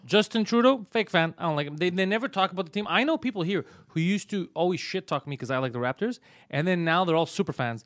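A brash man riffs through a casual comedy podcast, cursing and teasing his co-host. He talks at a quick clip into a close mic. The sound is dry, with no room around it. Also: a little high, expressive, a bit bright, no echo. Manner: brash, fast, profane joking.

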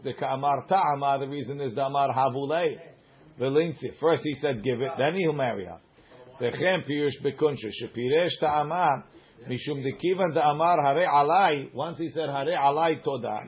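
A man's voice: a little high, normal speed, muffled recording. A man teaching a Talmud class, reading the Aramaic in a sing-song study chant and explaining it in English.

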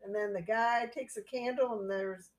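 A woman's voice: mid-range voice, fairly even intonation, normal speed, no room sound, rough recording. A woman in casual chat, chiming in with short corrections and wry quips. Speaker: podcast co-host.

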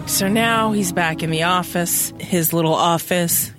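A woman co-hosting a casual podcast, recapping an episode in an animated way and acting out characters' lines. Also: lowish voice, measured pace, over music. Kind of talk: casual chat.

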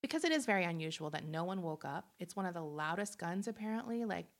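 A woman's voice: fairly low pitch, lively intonation, fast. Woman host, casual true-crime podcast narration, chatty, laughs easily. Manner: chatty, laughs often, acts out quotes.

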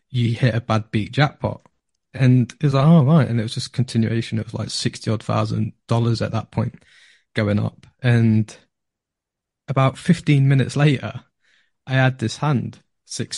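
A man, a podcast guest telling a story in a casual, animated way, laughing often and repeating words when excited. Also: medium pitch, gravelly, husky, no echo, clean studio sound.

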